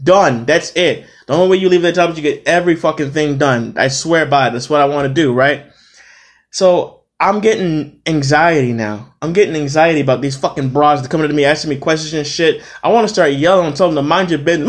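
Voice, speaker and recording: Profane, animated man telling a story. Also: fairly high pitch, fairly quick. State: tired after a long day. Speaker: podcast host. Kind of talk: casual storytelling monologue.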